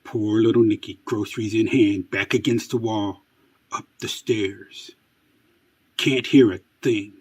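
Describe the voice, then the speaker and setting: Slow, husky man narrating mock suspense. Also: fairly low pitch. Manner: dramatic, slow and hushed, building to excited outbursts; wry, self-mocking asides. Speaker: storyteller.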